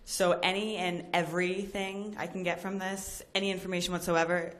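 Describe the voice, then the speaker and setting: Eager low-voiced woman introducing herself. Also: flat delivery, moderate pace. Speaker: audience member. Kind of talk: casual self-introduction.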